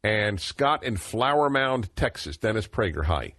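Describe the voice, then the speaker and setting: A man's voice: on the low side, very animated, unhurried, fairly bright tone, dry recording, studio quality. A man, hosting a call-in radio talk show, expansive and opinionated, chuckling now and then.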